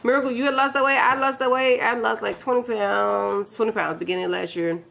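A woman's voice: a little high, steady tone, fairly quick, gravelly, a bit bright, a little hiss or hum. A woman from Houston with a Texan Southern accent, chatting playfully to the camera in a casual family vlog. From Houston, Texas. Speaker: family vlogger.

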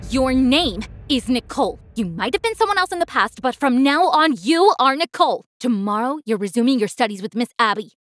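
A woman's voice: high-pitched, big pitch swings, moderate pace, no room sound. A woman narrator voicing a grieving, controlling wealthy mother who speaks sharply and insistently.

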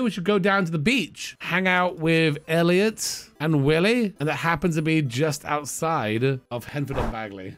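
A man hosting a casual let's play, chatty and joking as he thinks out loud. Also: a little high, no echo. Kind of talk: casual gameplay commentary.

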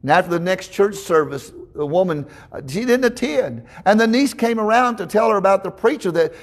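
A man's voice: high-pitched, expressive, a little fast. A man preaching a sermon, telling homespun stories with frequent stammered restarts and asides to the congregation.

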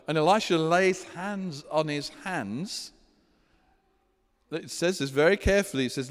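A man delivers a sermon from the front of a church, animated and storytelling as he walks through scripture. His voice sits a little high for a man, and the hall around him rings with a long, lingering reverb. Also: measured pace. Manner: animated preacher, acts out scripture scenes in a high panicky voice. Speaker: pastor.

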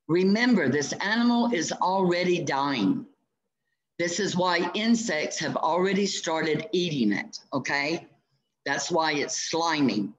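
A male teacher reading a story aloud to his class, pausing to explain and ask questions. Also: on the high side, animated, a bit bright, reverberant, poor audio. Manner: slow, deliberate storytelling with asides to students.

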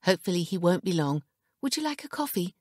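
A woman's voice: lowish voice, sing-song, darkish tone, husky, dry recording, studio quality. A woman voicing a polite, tightly composed clinic receptionist in an audiobook. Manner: professionally polite, brisk. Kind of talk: audiobook character voice.

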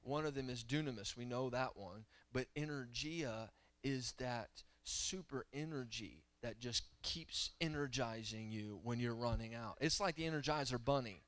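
A man in his thirties preaching a humorous, animated sermon that swings between loud and soft. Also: mid-range voice, moderate pace, dry recording. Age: 30s.

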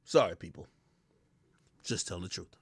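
A man ranting loudly on a live stream, mocking and profane, breaking into shouts and laughter. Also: deep voice, normal speed, husky, dry recording. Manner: laughs between jabs. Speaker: streamer host. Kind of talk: live-stream commentary rant.

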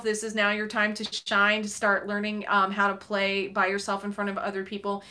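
Bright-voiced woman clarinet teacher. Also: medium pitch. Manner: chatty, many um fillers. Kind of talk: live online Q&A advice.

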